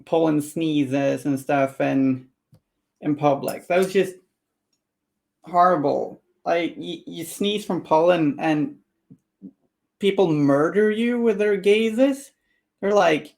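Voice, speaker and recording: A woman's voice: fairly low pitch, slow pace, gravelly, darkish tone. A woman chatting casually on a live stream while painting miniatures and answering viewer comments.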